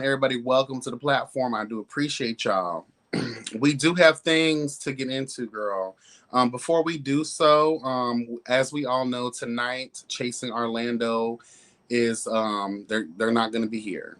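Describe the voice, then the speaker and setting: Bright-toned male host, sassy and flamboyant, live-stream commentary. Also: medium pitch, fairly even intonation, unhurried. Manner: sassy, flamboyant, peppered with exclamations.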